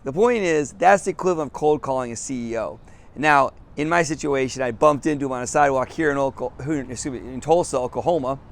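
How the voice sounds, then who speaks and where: A man's voice: medium pitch, fast talker. A middle-aged man, a business coach, telling a story to camera on a city sidewalk outdoors, upbeat and laughing often at himself.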